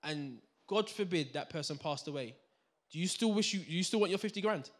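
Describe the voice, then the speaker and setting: Brit guy running a money seminar, slightly high voice, high energy, keeps quizzing the room. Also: fairly quick. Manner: energetic, interactive, quizzes the audience with banter. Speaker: seminar speaker. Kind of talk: live finance seminar talk. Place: room with a live audience.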